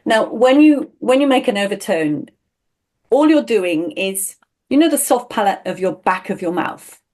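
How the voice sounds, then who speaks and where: A woman's voice: medium pitch, lively intonation, a little slow, a little mellow. A woman teaching a one-on-one voice lesson, explaining with enthusiasm and laughing often.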